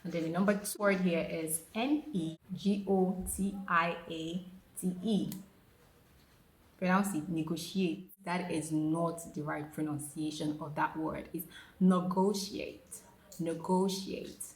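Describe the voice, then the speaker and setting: Lively woman coaching pronunciation, roomy sound. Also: sits low, a little slow. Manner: lively and coaxing, drills words by repetition. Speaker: pronunciation tutor. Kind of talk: casual pronunciation lesson. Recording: roomy echo.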